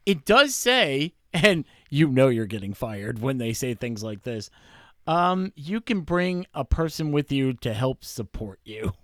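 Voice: mid-range voice, very animated, a little slow, no echo, clean studio sound. A radio co-host in casual banter, telling an odd news story in a chatty, amused way.

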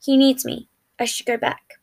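Woman doing a scared shaky young guy, timid and mumbly, gravelly edge. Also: a little high, level tone, normal speed, darkish tone. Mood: fearful. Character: frightened, fragile young man. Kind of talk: fan fiction reading.

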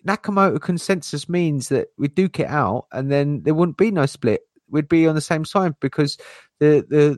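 A man's voice: on the high side, animated, moderate pace, darkish tone, no room sound, studio quality. A man co-hosting a casual livestream who rambles his opinions, packing his talk with "you know" and "like". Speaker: co-host.

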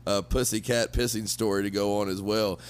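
A man's voice: on the low side, fairly even intonation, brisk. A man hosting a podcast, chatting casually with lots of fillers, restarts and swearing. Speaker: podcast host. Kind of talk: casual chat.

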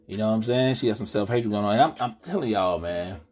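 Speaking quickly in a fairly low, slightly mellow voice, a podcast host runs a casual commentary monologue in African American Vernacular English. He's blunt and indignant, habitually adding "you know what I'm saying," with faint music in the background.

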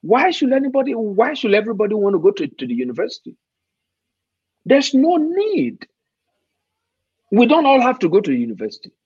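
A man's voice: extremely high pitch, huge pitch swings, brisk, pauses often, darkish tone, slightly rough, no room sound. A man from Nigeria, speaking emphatically as an interview guest and posing rhetorical questions. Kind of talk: conversational interview. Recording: dull, muffled dry sound.

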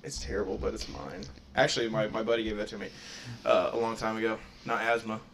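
A man's voice: lowish voice, steady tone, quick pace, gravelly, a bit bright. A man co-hosting a podcast in casual banter, rambling, laughing often and making crude jokes. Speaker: podcast co-host.

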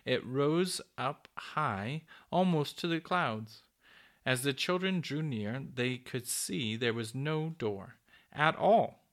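Expressive male storybook reader. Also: medium pitch. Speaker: narrator. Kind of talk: storybook read-aloud.

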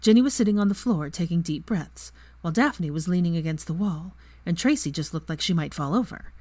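A woman narrating fan fiction with an expressive reading. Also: lowish voice, a little fast, dry recording. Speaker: fanfiction reader. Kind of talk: storybook narration.

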